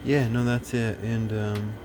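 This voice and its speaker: A man's voice: lowish voice, level tone, a little slow, noisy background. A man talking casually to the camera, rambling and blunt, full of fillers, restarts and swearing. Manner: profane, blunt. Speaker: video host.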